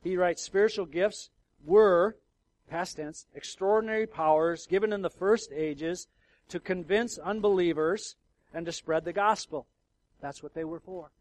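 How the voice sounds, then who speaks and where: Emotional preacher, hushed to booming. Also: male voice, unhurried, poor audio. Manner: emotional, swings from hushed to loud; conversational with fillers and restarts. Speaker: pastor. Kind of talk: sermon.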